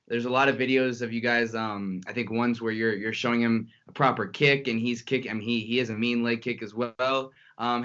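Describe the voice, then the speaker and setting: A man's voice: medium pitch, fairly bright tone, lo-fi sound. A man hosting a podcast, asking long, rambling questions that restart partway through. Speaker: podcast host. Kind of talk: casual interview questions.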